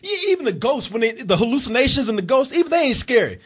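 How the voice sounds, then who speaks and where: Male movie critic, excitable, lively pitch swings, swears and cracks up a lot. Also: fast, noisy background. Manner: profane, animated, laughs often, acts out characters. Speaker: film reviewer. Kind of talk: casual comedic movie review chat.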